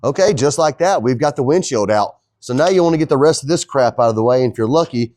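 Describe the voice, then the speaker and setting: Brief: easygoing man, mid-pitched, chatty DIY garage vlogger who jokes with his viewers. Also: expressive, fast, few pauses, a little mellow. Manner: joking, laid-back, talks to viewers as guys. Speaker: DIY truck builder. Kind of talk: casual how-to vlog.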